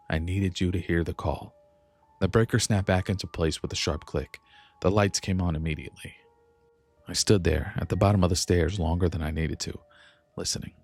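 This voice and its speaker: A man with a very low, gravelly voice tells a first-person horror story in a measured, tense way. His narration sounds scripted and steady. Faint instrumental music plays softly under him. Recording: soft music bed behind the voice.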